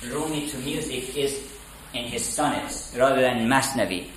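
A man giving a spoken lecture on poetry, deliberate and halting with many fillers. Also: medium pitch, noisy background. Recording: echoey room.

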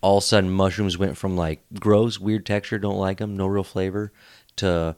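A man's voice: low-pitched, flat delivery, moderate pace, darkish tone, clean tone, no echo, studio quality. A man in his late twenties co-hosting a podcast, teasing his friends in casual chat. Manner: teasing, joking, breaks into put-on voices. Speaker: podcast co-host.

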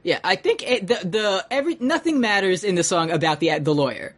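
A podcast co-host in casual chat, animated, laughing often and swearing casually. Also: mid-range voice, fairly quick.

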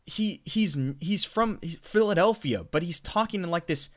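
Southern guy on a podcast, kinda high voice, rants and restarts a lot. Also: moderate pace. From American South. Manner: opinionated, rambling with restarts. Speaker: podcast co-host. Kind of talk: casual movie review chat.

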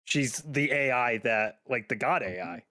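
A man co-hosting a casual book chat, excitable and full of fillers, acting out his own reactions. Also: mid-range voice, a little slow, dry recording, studio quality. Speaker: podcast co-host discussing a book. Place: home setup with his own mic.

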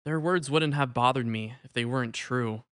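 A man voicing a young male novice who ran away, speaking in a halting, contrite way. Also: medium pitch, a bit bright, no room sound, studio quality, lightly acted. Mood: pleading. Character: young male runaway novice, ashamed and remorseful.

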